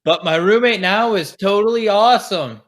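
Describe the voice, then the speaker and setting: A young man co-hosting a podcast, blunt and profane, forever tossing off wisecracks. His voice is bright with an edge to it. He talks in a loose, casual way. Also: high voice, normal speed. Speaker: podcast co-host. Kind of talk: casual chat.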